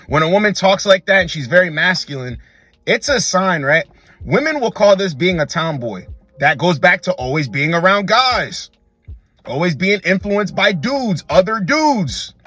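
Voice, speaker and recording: A man's voice: a little high, bright, forceful tone, husky. A young man hosting a dating advice monologue, blunt and emphatic, repeatedly calling the listener bro. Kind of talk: direct-to-camera advice monologue.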